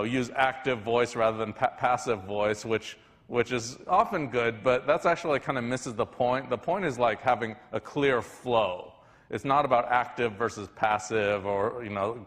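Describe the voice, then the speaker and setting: A man's voice: mid-range voice, fairly bright tone. A man giving a university lecture in a conversational way, often restarting his sentences. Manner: conversational, frequent restarts and fillers. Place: lecture hall. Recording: lecture hall with long reverb.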